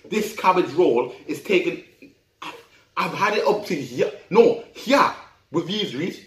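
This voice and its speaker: A man's voice: fairly high pitch, fairly bright tone, distant mic. A man from Africa with a Geordie accent, delivering an angry, profane comic rant. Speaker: comic vlogger. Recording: echoey room, off-mic.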